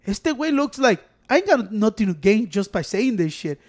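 A man's voice: high voice, big pitch swings, normal speed, darkish tone. A man in a casual, profane chat, switching between English and Spanish.

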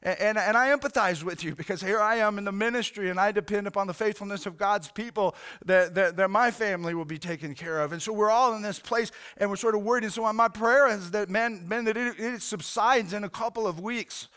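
Male pastor, 40s, high smooth voice, earnest, halting sermon delivery. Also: sharp tone. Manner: earnest, halting, repeats words, says "man" often.

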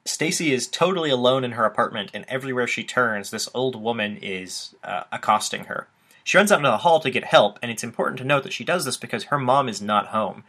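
A young man co-hosts a podcast, casually recapping things in a loose way with plenty of filler words and the occasional swear. His voice is mid-range and bright, with a forceful tone.

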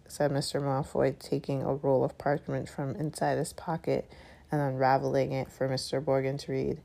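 Female audiobook reader; steady storytelling, low register, gravelly texture. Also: moderate pace. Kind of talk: scripted narration.

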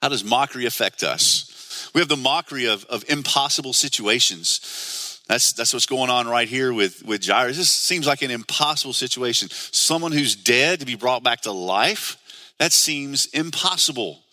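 A man's voice: mid-range voice, animated, normal speed, pushed and bright, dry recording. A man preaching a sermon in an earnest, conversational way, asking the listeners many questions. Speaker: pastor.

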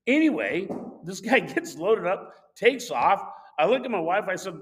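A man casually telling a personal anecdote, animated and acting out the shouting of people in it. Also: high voice, moderate pace, low-quality recording. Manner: animated, acts out shouted quotes. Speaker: storyteller.

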